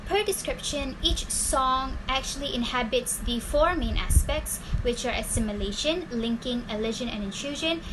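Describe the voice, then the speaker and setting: A woman's voice: high-pitched, moderate pace, hardly any pauses. A young woman student giving a class presentation, reading a prepared explanation in a formal way. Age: young adult. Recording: clear background noise.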